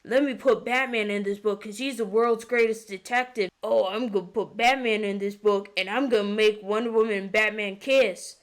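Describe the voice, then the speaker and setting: A woman's voice: medium pitch, steady tone, moderate pace, hardly any pauses, close to an everyday voice. A young woman mocking a smug male writer as a whiny, edgy kid in a vlog rant. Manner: mocking, sneering.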